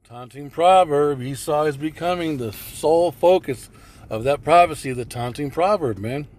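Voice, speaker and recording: A man's voice: on the high side, normal speed, darkish tone. Preachy, cursing male commentator. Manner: preachy and profane, repeats phrases. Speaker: streamer commenting on clips. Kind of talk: religious commentary reading scripture.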